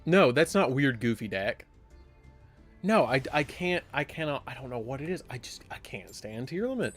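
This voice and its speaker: A man's voice: mid-range voice, very animated, moderate pace, soft background music. A man casually chatting while streaming a card game live, rambling and breaking into surprised exclamations.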